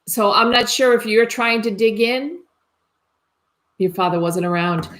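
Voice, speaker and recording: A woman's voice: a little high, a little slow, fairly bright tone. Woman, psychic medium, live reading, tentative, reassuring, asks for confirmation. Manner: tentative, often checking for confirmation.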